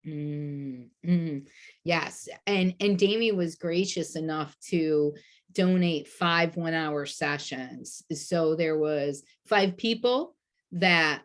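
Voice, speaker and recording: A woman's voice: sits low, slow. A woman hosting a video call panel, enthusiastic and full of praise for her guests. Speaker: host.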